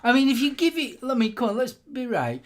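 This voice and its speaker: A man banters on a casual live stream, poking fun at himself and laughing mid-sentence. His pitch moves around a lot. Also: very animated, fairly quick, fairly bright tone. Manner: self-mocking banter, laughing while talking.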